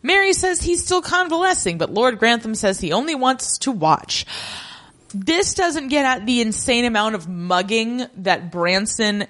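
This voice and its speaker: A woman co-hosting a podcast, recapping a TV drama in casual chat with a wry, animated manner. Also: a little high, measured pace. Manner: animated, wry, mimics characters' lines.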